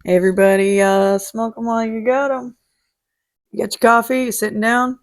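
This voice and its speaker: A woman's voice: fairly high pitch, steady tone, moderate pace. A woman hosting a casual vlog, talking in a jokey, salty way and swearing freely. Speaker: host. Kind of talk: casual chat.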